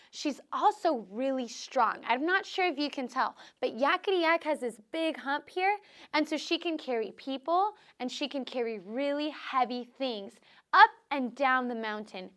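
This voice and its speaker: Woman, high voice, kindergarten teacher, sing-song phonics lesson, cheerful and exaggerated. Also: fairly bright tone. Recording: recorded lesson video.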